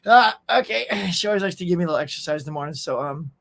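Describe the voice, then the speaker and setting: A man's voice: a little high, lively intonation, racing, gravelly, a bit bright. Chatty man hosting a livestream. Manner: chatty, reads chat messages aloud, says y'all. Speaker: host. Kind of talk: casual livestream chat.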